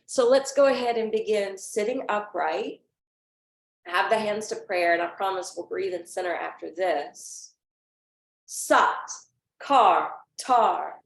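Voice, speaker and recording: A woman in her forties, a yoga teacher talking through a gentle class in a soft, halting, heartfelt way. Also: mid-range voice, creaky. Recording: echoey room.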